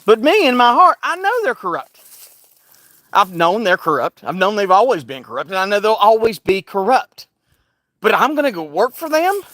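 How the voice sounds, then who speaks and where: A man's voice: high voice, big pitch swings, a little fast, fairly bright tone, no room sound, clean studio sound. A man delivering a casual, heated monologue as an online commentator, sarcastic and keen on repeating a mocking refrain.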